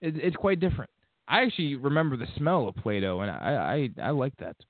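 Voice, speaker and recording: A man's voice: medium pitch, animated, brisk, dry recording, phone-quality sound. A man co-hosting a radio talk show, making crude wisecracks in casual chat. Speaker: radio co-host.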